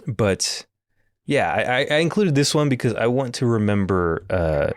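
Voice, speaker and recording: A man's voice: medium pitch, expressive, normal speed, dry recording, studio quality. A man co-hosting a casual podcast, reading stories aloud in a laid-back, hesitant way with chuckles. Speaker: podcast co-host.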